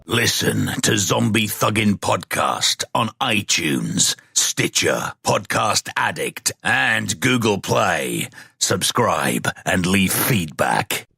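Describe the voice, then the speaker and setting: A man reading a podcast promo in a loud, drawn-out announcer voice. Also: sits low, big pitch swings, vocal fry, slightly rough, dry recording, clean studio sound, voice pushed down, heavily acted. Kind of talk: booming promo read.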